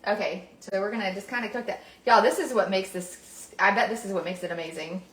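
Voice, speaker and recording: A woman's voice: medium pitch, fairly even intonation, brisk, fairly bright tone. A woman hosting a casual cooking livestream, chatty and upbeat, talking to viewers as y'all from her home kitchen. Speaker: cooking show host. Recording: echoey kitchen room.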